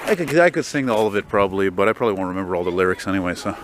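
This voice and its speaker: A man, walking a city street at night and chatting into his camera in a rambling, profane, easily excited way. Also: sits low, racing, few pauses. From Quebec, Canada. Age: 40s. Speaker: vlogger. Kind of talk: casual walking vlog. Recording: street traffic noise outdoors.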